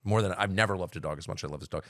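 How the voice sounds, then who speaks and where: A man's voice: sits low, racing, no echo, clean studio sound. A middle-aged man, a podcast guest, talking bluntly and opinionatedly in casual chat with frequent restarts.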